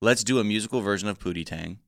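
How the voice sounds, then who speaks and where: A man's voice: on the low side, fast talker, fairly bright tone, no room sound, studio quality. A man hosting a podcast, chatting casually and cracking playful jokes. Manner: joking, playful asides. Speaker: podcast host.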